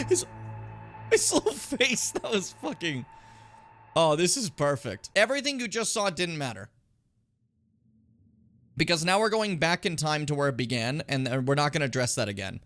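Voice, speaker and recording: A young man streaming a game, his high voice swinging wildly up and down as he whoops at the screen. He curses, laughs and shouts taunts at enemies, with game music playing clearly behind him. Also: big pitch swings, normal speed, pauses often. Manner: loud, profane, laughing outbursts and shouted taunts. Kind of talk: live gameplay commentary.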